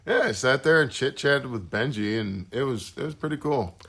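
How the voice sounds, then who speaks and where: A man's voice: mid-range voice, lively intonation, moderate pace, a bit bright, husky. A young man co-hosting a podcast, telling rambling stories in casual chat and swearing freely. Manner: rambling storyteller, swears often. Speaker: podcast co-host.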